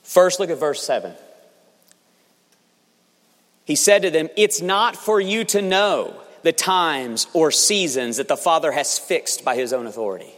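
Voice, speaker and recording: A man's voice: on the high side, animated, normal speed, hardly any pauses, fairly bright tone. A man preaching a sermon as a pastor, speaking earnestly and building force for emphasis, with some restarts. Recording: long reverb of a large hall.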